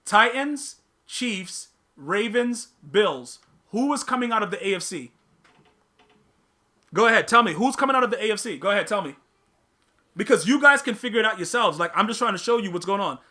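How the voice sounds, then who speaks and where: A man's voice: high-pitched, animated, moderate pace, pushed and bright. A man hosting a live podcast stream, chatting casually with his viewers, using slang, repeating himself and teasing the chat.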